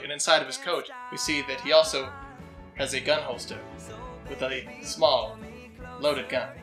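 A man narrating a tabletop role-playing game as game master in a relaxed, laughing way. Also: mid-range voice. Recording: echoey room with music behind.

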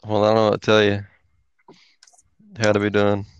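A man's voice: on the low side, completely flat delivery, moderate pace, clear, resonant tone, no echo. A man from Florida co-hosting a podcast over a voice call, laid-back with dry short replies. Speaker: podcast co-host. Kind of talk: casual chat. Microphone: online voice call. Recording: dull lo-fi call audio.

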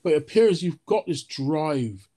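A man's voice: a little high, expressive, measured pace, warm tone. Hesitant man asking interview questions. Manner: hesitant, many ums and restarts. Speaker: podcast co-host.

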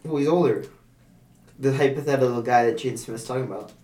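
A man's voice: medium pitch, fast talker, warm tone. Man in a dry, questioning tone, echoey room. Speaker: podcast co-host. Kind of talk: casual podcast chat. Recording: echoey room, faint noise.

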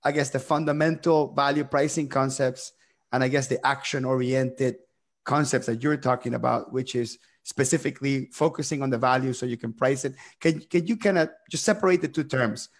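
A man's voice: mid-range voice, moderate pace. A man interviewing a guest, asking long searching questions and restating her points.

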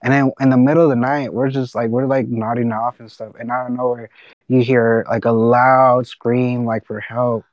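A man's voice: medium pitch, level tone, moderate pace, dry recording, lo-fi sound. Rambling man in casual chat. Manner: rambling, restarts and fillers, profanity.

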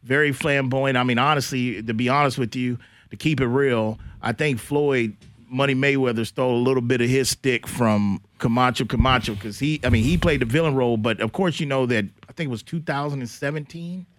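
Fast-talking podcast host. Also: male voice, mid-range voice. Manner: rambling storyteller, loose slangy delivery. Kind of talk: casual sports chat.

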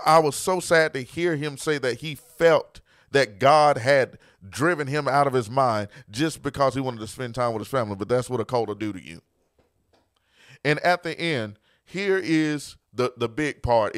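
A male pastor hosting his podcast in a preaching style. His voice sits at an ordinary middle pitch, recorded dry with no room around it. He hammers points home by repeating lines, then settles quieter when he tells a story. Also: no echo. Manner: emphatic, repeats phrases for stress.

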